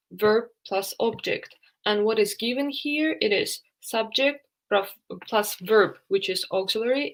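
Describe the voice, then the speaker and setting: Slow-paced woman teaching grammar. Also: medium pitch, a bit bright, low-quality recording. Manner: unhurried, hesitant with many fillers and restarts. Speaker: English teacher. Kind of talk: online grammar lesson.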